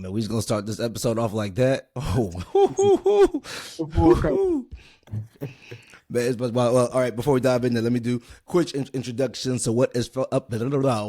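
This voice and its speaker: A man hosting a podcast who talks in an energetic, casual, slangy way. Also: mid-range voice. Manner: energetic, slangy, fast-talking. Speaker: podcast host.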